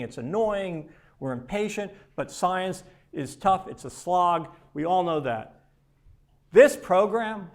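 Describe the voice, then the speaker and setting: A man addresses a conference audience in a live keynote speech. His voice sits somewhat high for a man, and his delivery is emphatic yet conversational, with frequent repeated words as he builds his points. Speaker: keynote speaker for a research charity. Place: conference stage before an audience.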